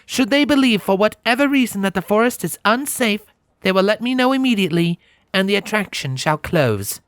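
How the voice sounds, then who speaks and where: A stately pony princess of the night, put on by a man reading a storybook aloud, speaking in archaic, formal phrasing. The voice sits high above his own and swings lively through each line, recorded dry and close. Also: brisk, no echo. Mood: regal. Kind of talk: audiobook character voice.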